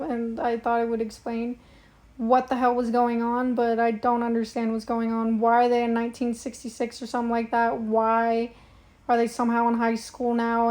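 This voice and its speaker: A woman's voice: fairly high pitch, darkish tone. A young woman chatting casually on a livestream, reading and answering viewer comments in a rambling way with lots of fillers. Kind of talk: casual live-stream chat.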